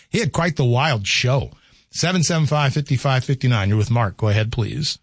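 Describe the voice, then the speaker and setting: A man's voice: medium pitch, normal speed, no echo. A man hosting a call-in radio show with a scratchy voice, talking casually and correcting himself as he rambles. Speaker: radio host. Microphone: studio microphone.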